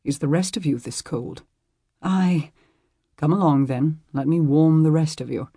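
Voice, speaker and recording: A man voicing a stern medieval lord and knight, gruff and commanding. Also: fairly high pitch, measured pace, dry recording, clean studio sound. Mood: gentle. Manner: gruff, forceful when scolding.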